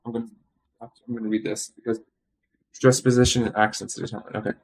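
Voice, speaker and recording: A man's voice: medium pitch, level tone, darkish tone, slight background noise. Tired man muttering through study notes. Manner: muttering, halting, sounds words out. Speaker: language learner streaming study. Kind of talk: thinking aloud while studying.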